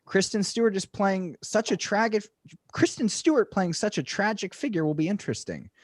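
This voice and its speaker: A man's voice: high-pitched, moderate pace, dry recording, studio quality. A man hosting a comedy show, giving a wry opening monologue and introducing comics. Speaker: show host.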